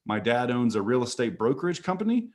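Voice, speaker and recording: A man's voice: mid-range voice, sing-song, fast talker. Earnest man on a video call. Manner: earnest, repeats words as he thinks. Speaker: guest. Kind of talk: casual panel talk.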